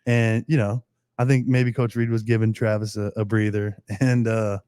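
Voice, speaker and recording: A man's voice: lowish voice, little pitch movement, normal speed, warm tone, clear, resonant tone, no echo, clean studio sound. A young man, a pro football player, telling stories as a podcast guest, rambling and laughing often, with casual cursing.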